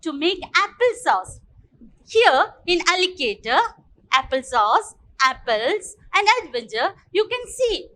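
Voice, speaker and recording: A woman with an Indian English accent teaches the alphabet to small children. Her voice sits very high and swings widely, and she takes it slow, coaxing them along in a sing-song way. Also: sharp tone. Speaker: kindergarten teacher.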